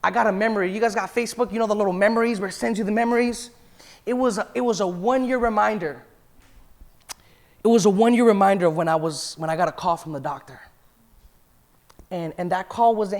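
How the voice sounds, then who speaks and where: A man's voice: sits high, brisk, pauses often. A man in his thirties, a pastor, giving an emotional personal testimony in a church sermon. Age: 30s. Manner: emotional, confessional, quotes himself and others.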